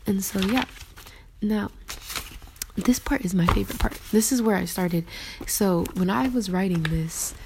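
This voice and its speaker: A woman giving a casual devotional talk about her journaling, earnest and reflective, often dropping into a soft whisper. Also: mid-range voice, measured pace, gravelly, long pauses, noisy background. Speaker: faith vlogger sharing her journaling.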